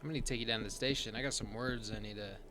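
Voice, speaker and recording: Bright, sardonic let's play host. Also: male voice, on the low side, steady tone, racing, faint music behind. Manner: sardonic, joking, swears casually. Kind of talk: game commentary and reading dialogue aloud.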